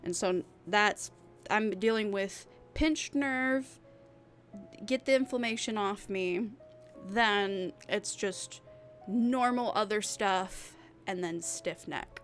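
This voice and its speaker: Woman vtuber rambling to chat, slow and drawn out, lots of giggles, faint music behind. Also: medium pitch, fairly bright tone. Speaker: VTuber streamer. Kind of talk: casual chat reading live chat.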